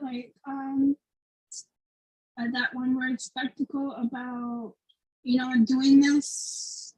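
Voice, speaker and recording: A woman on a video call, crying as she shares, halting and apologetic, searching for words. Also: high-pitched, a bit bright, low-quality recording. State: tearful, crying. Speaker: participant sharing on a live online event. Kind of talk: emotional testimony.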